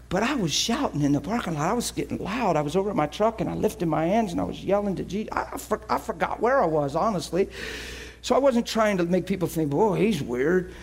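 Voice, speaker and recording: Preacher guy, kinda high husky voice, gets loud then goes quiet, telling his story to the church. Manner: animated storytelling, swinging from hushed to shouting. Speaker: pastor. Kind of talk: sermon.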